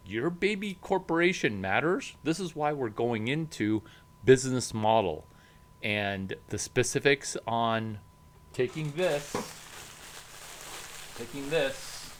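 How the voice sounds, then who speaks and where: A man giving an animated talk about startups, emphatic and punchy, jumping up in pitch to stress points. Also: slight background noise. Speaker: startup advisor. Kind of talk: animated monologue to camera.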